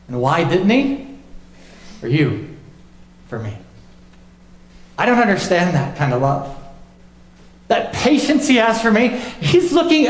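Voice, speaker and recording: High-voiced pastor preaching in an echoey church. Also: male voice. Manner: emphatic preaching, dropping low and soft on key lines. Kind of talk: sermon. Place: church sanctuary.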